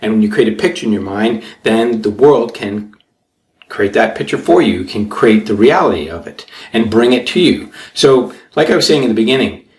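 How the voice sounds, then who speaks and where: A man's voice: on the low side, expressive, moderate pace. Earnest motivational man, echoey room. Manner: earnest, repetitive, emphatic. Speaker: self-help coach. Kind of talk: motivational talk.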